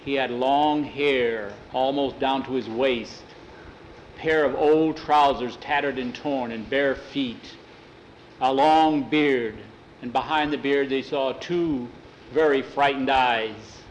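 A man's voice: mid-range voice, slow, echoey room, slight background noise, poor audio. A man telling a spooky story aloud, casually repeating "he says" between quotes. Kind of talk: oral storytelling.

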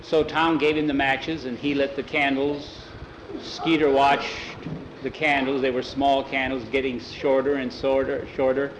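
A man telling a homespun family story aloud in an easygoing, unhurried way, voicing the characters as he goes. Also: mid-range voice, level tone, echoey room, noisy background. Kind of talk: oral storytelling.

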